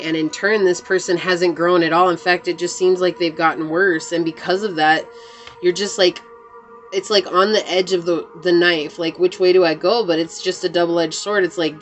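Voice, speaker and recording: Low-voiced woman giving a chatty tarot reading. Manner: chatty and earnest, many "like" fillers. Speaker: tarot reader. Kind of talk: casual tarot reading to camera.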